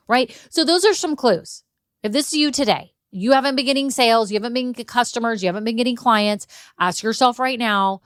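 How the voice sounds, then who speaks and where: A woman's voice: a little high, moderate pace, no room sound. Brief: middle-aged woman podcast host, direct and encouraging business-coach delivery, close and dry mic. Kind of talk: solo coaching podcast talk.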